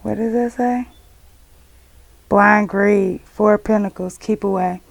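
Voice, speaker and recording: Woman doing a tarot reading, gravelly voice, cussing and scolding, real blunt. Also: mid-range voice, fairly even intonation, takes it slowly. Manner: blunt, profane, scolding, emphatic. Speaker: tarot reader.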